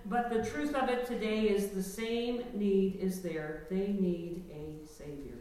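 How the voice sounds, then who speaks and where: A woman pastor preaching a lively sermon, engaging her congregation with call-and-response. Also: mid-range voice, measured pace, distant mic. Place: church sanctuary. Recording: echoey hall, mic from afar.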